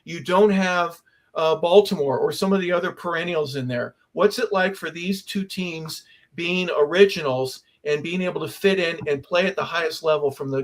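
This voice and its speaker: A man hosting a sports talk radio show, telling a long anecdote and acting out the voices of the people in it. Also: fairly high pitch. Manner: animated storyteller, acts out quoted voices. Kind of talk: casual sports talk storytelling. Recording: online radio show remote mic.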